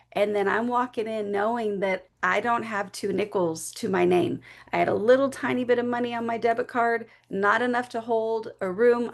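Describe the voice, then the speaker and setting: A woman with a gravelly, fry-edged voice tells a personal story in an interview. She talks in a candid, animated and emotional way. Her pitch sits at a middle level for a woman. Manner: acts out voices when quoting people. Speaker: guest.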